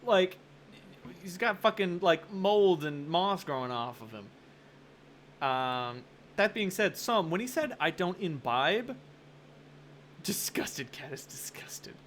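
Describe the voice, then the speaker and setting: A man's voice: sits high, lively intonation, slow, fairly bright tone, slight background noise. A man running a tabletop game as game master, talking casually with lots of filler and frequent swearing.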